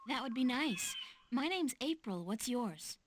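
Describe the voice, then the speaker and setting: A woman's voice: a little high, big pitch swings, unhurried, background noise. An actress voicing a curious young woman heroine in a video game, with dry, wry remarks.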